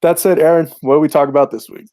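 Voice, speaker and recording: A man's voice: on the high side, fairly even intonation, fast, warm tone, no room sound. A man hosting a podcast, steering the talk in a matter-of-fact way with a scripted intro. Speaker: podcast host. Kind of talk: casual chat with scripted intro.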